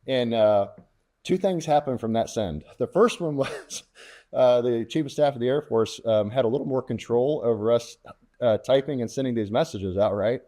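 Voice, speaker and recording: A man's voice: medium pitch, normal speed. A middle-aged man, a former fighter test pilot, telling war stories in a casual interview and acting out the quoted dialogue. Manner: lively storyteller who acts out quoted radio talk.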